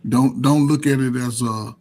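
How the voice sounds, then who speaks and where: A man's voice: medium pitch, fairly even intonation, normal speed, a little mellow, poor audio. A man hosting a panel discussion, talking in a loose, rambling way with frequent restarts. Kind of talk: casual chat.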